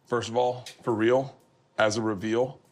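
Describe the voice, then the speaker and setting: A man hosting a podcast in casual chat, excitable, laughing often and swearing. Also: mid-range voice, measured pace. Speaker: podcast host.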